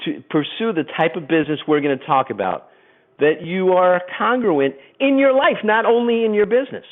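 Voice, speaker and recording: A middle-aged man giving a webinar presentation, telling stories in an animated way and acting out voices. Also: high-pitched, moderate pace. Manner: animated storyteller, acts out voices. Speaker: program presenter. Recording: phone-like webinar audio.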